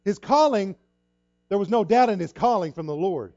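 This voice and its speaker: A man's voice: high voice, lively intonation, normal speed, darkish tone, dry recording, muffled recording. A middle-aged male pastor preaching a sermon, telling a personal story with earnest repetition and acting out the voices in it. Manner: earnest storytelling, repeats himself, acts out quoted dialogue.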